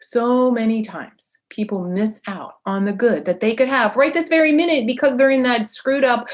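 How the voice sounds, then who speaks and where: A woman in her forties hosting a solo motivational podcast as a coach, talking in an animated, emphatic way with a lively inflection. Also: on the high side, normal speed, few pauses.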